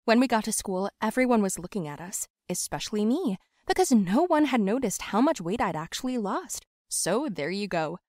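Young woman telling a personal story, lively and open, dry close sound. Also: mid-range voice, moderate pace, few pauses, no room sound. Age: young adult.

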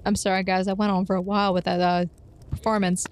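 A woman's voice: medium pitch, flat delivery, quick pace, a little hiss or hum. A woman playing in a tabletop game, chatting easily with the group. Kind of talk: casual role-play chat.

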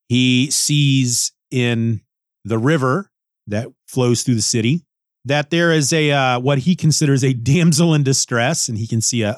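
A man's voice: mid-range voice, dry recording, studio quality. A man reviewing a comic book in a casual, rambling way, often restarting and musing aloud.

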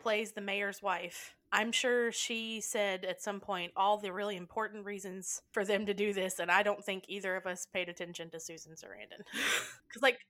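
A woman's voice: mid-range voice, fairly even intonation, moderate pace, fairly bright tone. Chatty woman co-hosting a movie podcast. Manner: chatty, laughs often, self-deprecating. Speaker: podcast co-host. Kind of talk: casual movie chat.

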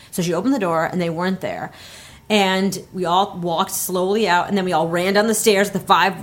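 A young adult woman telling a story in casual conversation, animated and laughing as she talks. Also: fairly low pitch, fairly quick. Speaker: comedy podcast guest.

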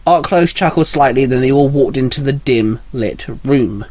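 A man narrating a fan-written action story in a plain, even reading voice. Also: mid-range voice, normal speed.

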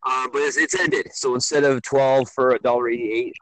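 A man's voice: medium pitch, level tone, normal speed, a crowd in the background, rough recording. Exasperated man telling a work story. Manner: exasperated, storytelling with acted quotes. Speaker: podcast co-host, grocery store worker. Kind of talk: casual storytelling.

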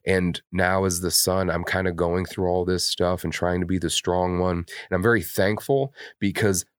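A man's voice: deep voice, little pitch movement, moderate pace, clear, resonant tone, no echo, clean studio sound. A man co-hosting a podcast, talking candidly in casual chat with blunt, heavily profane, openly emotional speech. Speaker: podcast co-host.

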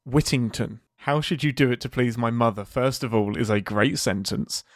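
A man's voice: medium pitch, normal speed, no room sound, studio quality. A young English man with an English accent, co-hosting a casual podcast chat, playful and laughing often. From England. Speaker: co-host, writer.

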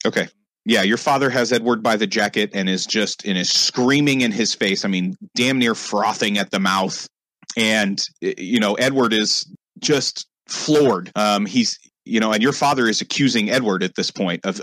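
A man's voice: on the low side, normal speed, fairly bright tone, no room sound. A man narrating as game master, rambling with many fillers and repeated asides.

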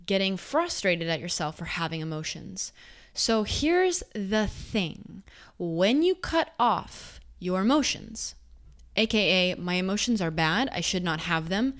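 A woman speaking casually and earnestly about emotions and intuition, acting out quoted inner thoughts with quick asides. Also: fairly low pitch, very animated, fairly bright tone. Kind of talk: casual spoken reflection.

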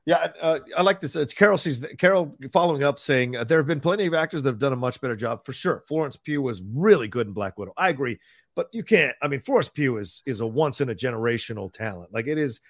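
Podcast co-host, man, rambling casual talker, gravelly and dry. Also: mid-range voice, lively intonation, fast talker, no echo. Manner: rambling, reads viewer comments aloud. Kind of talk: casual live film chat.

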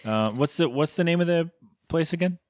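A man's voice: fairly high pitch, expressive, a little fast, a little mellow, no echo, studio quality. Rambling male podcast co-host. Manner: rambling, self-interrupting storytelling. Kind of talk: casual chat, recapping a cartoon episode.

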